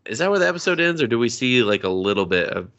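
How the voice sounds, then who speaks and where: A man's voice: medium pitch, fast talker, dull audio, background noise. A man co-hosting a podcast, recapping an anime episode in casual, profane chat and acting out the characters' lines. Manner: profane, animated, acts out quotes. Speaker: podcast co-host.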